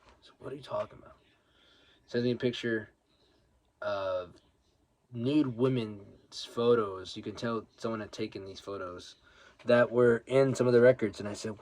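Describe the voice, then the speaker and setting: Young man, lowish voice, loose storytelling, swears casually, slight background noise. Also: steady tone, normal speed, a little mellow. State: grieving a friend. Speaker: record collector vlogger. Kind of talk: casual vinyl haul chat.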